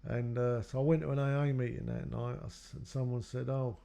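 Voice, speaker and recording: A man's medium-pitched voice is creaky and mellow, delivered flatly and at a brisk clip. He's telling his own life story in a rambling way, acting out lines others said to him.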